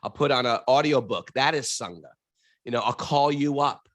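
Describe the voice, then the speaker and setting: A man co-hosting a casual spiritual chat, playful and quick to laugh, with loose asides between his points. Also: mid-range voice, a bit bright, no echo, clean studio sound. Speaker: co-host answering questions.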